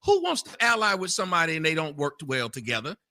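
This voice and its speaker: A man arguing in a heated debate, loud and sarcastic, often shouting over others. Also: a little high, huge pitch swings, fast talker. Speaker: debate panelist. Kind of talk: heated argument.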